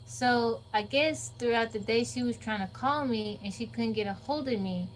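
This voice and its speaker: A woman's voice: mid-range voice, a little fast, few pauses, a little hiss or hum. A woman chatting casually on a livestream, acting out quotes and laughing often. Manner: animated storyteller, acts out quotes, laughs often. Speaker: livestream host. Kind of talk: casual chat with live viewers. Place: off-grid home.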